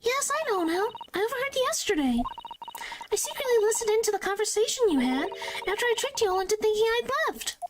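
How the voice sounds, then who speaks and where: A clever, precocious little girl from a mystery game speaks in a high, bright voice, as a woman puts her on. The pitch sits well above an adult voice and moves in animated leaps. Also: fairly quick, recorded from a distance, noisy background. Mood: smug. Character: precocious sharp-witted young girl.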